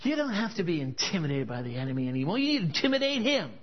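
Man preaching, very high voice, storytelling, rhetorical questions, dull lo-fi recording. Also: very animated, rapid-fire. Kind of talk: sermon.

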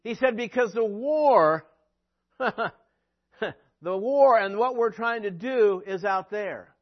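A man preaching a sermon as pastor, swinging from emphatic peaks to quiet, dry sarcastic asides. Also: high voice, slow pace, dull audio.

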